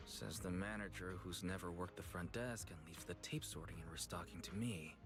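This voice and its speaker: Dry, sarcastic young shop clerk. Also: male voice, low voice, steady tone, moderate pace, a bit bright. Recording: game audio under music.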